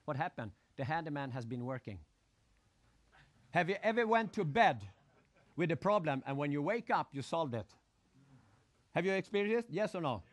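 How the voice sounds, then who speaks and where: A man giving a live motivational seminar talk, animated, acting out crowd shouts and putting questions to his audience. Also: a little high, moderate pace, pauses often. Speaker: motivational speaker.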